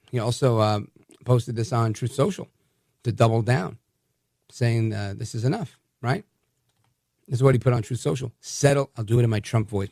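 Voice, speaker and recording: Gravelly, combative male talk radio host. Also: medium pitch, no echo, clean studio sound. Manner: animated and combative, many restarts. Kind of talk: opinionated talk radio commentary.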